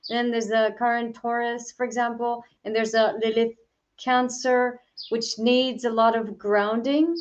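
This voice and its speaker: A woman with a somewhat high voice joins a video call as an astrologer co-host. Her first language is Spanish, and she talks hesitantly, filling pauses with ums. The audio sounds dull and lo-fi. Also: level tone. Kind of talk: casual chat on a livestream.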